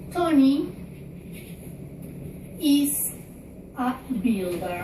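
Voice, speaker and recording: A woman teaching a recorded English grammar lesson, talking slowly with frequent fillers and "okay?" checks. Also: on the high side. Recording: echoey room, distant mic, faint noise.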